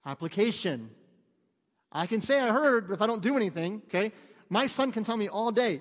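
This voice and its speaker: A pastor in his thirties with a high-sitting voice preaches briskly and with animation in a church sanctuary, the hall's long reverb trailing his words. His sermon is conversational, with joking asides that rise to fervent emphasis.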